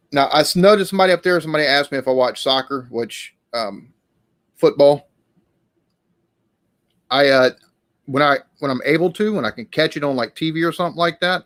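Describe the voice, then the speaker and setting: A man's voice: a little high, fairly bright tone, no room sound. A man hosting a casual live-stream Q&A, talking in a rambling, hesitant way with many restarts.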